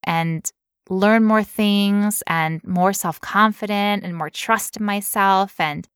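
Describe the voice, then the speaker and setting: A woman co-hosting a casual health podcast, explaining medical ideas clearly with playful asides and frequent laughter. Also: medium pitch, slow pace, fairly bright tone, no echo, studio quality. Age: adult past teen years. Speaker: podcast co-host.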